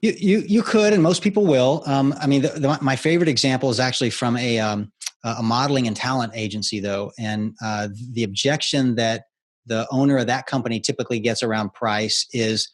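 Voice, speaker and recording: Man telling animated sales stories. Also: medium pitch, brisk. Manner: animated storyteller who acts out quoted voices. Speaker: storytelling expert guest. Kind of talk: conversational interview.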